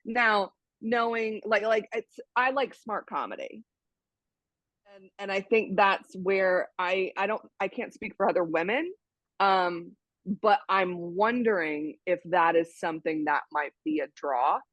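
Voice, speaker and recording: A woman's voice: mid-range voice, a little slow, a bit bright, no room sound. An American woman chatting casually as an interview guest, telling stories with many restarts over a video call. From United States. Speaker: guest, dating site member. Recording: dull, dry lo-fi sound.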